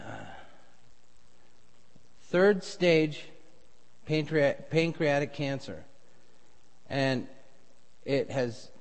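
A middle-aged male pastor delivering a sermon, swelling to loud, emphatic peaks when making a point. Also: on the high side. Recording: long reverb of a church hall.

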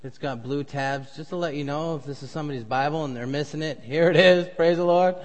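Middle-aged male preacher, slightly high voice, emphatic sermon delivery in a long-reverb church hall. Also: brisk. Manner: preaching, swelling to loud emphatic peaks. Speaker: pastor.

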